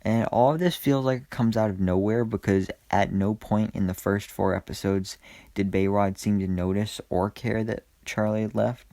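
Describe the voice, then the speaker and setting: Brief: male TV reviewer, casual recap, fry in the voice, dry close sound. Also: on the low side, steady tone, normal speed, dark tone, no room sound. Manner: chatty, enthusiastic, frequent ums and restarts. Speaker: TV episode reviewer.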